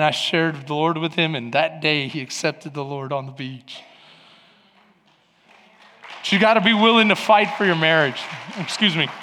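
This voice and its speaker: A man preaching a sermon as pastor, telling stories lively and acting out the voices of the people in them. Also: on the high side. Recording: long hall reverb.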